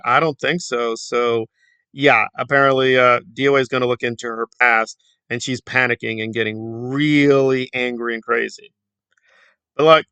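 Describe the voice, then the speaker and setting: A man's voice: mid-range voice, pushed and bright, no echo. A man hosting a commentary channel, talking in a sarcastic, mocking and indignant way about online drama.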